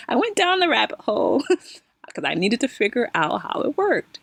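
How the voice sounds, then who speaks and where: A woman's voice: fairly high pitch, moderate pace, vocal fry, husky, no room sound. A woman hosting her spiritual channel, telling a personal story casually and expressively, calling her listeners y'all. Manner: expressive, addresses listeners as y'all, laughs often.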